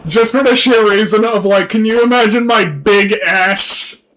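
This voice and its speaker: A man's voice: high voice, measured pace, fairly bright tone, faint music behind, low-quality recording. A young man streaming live, chatting casually, crude and laughing as he rambles. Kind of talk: casual livestream chat.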